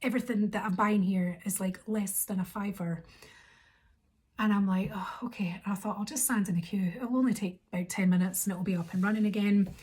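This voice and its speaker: A young woman vlogger telling a story in a casual, rambling, animated way, quoting her own thoughts. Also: medium pitch, fairly quick, slightly rough. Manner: rambling, animated retelling with quoted inner thoughts.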